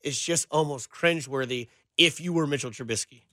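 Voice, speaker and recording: A man hosting a sports radio show, talking in an energetic, playful banter. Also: on the high side, a little fast, no echo, studio quality.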